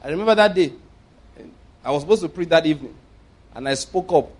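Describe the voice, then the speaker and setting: Middle-aged Nigerian preacher, slightly high voice, storytelling sermon, loud points then quiet asides. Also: male voice, animated, fairly quick. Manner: anecdotal, swings between loud emphasis and quiet asides.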